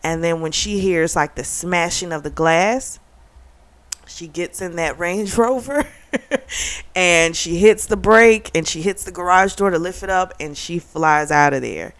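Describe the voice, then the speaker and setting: A woman reviewing a book, retelling the plot in a chatty, animated way and often saying "like". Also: on the low side, a little slow. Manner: chatty and animated, heavy use of "like", laughs often. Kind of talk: casual plot recap.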